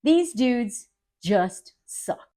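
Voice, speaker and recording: A woman gives casual, sarcastic film commentary with a blunt edge. Her voice sits high and swings widely as she jokes. She sounds animated and unfiltered throughout. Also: very slow.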